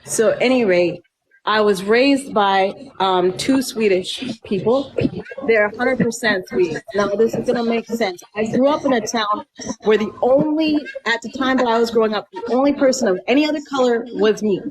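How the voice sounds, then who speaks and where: A woman from Colombia telling a personal story on a live stream in an earnest, measured way with many fillers and restarts. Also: a little high, slightly rough, low-quality recording.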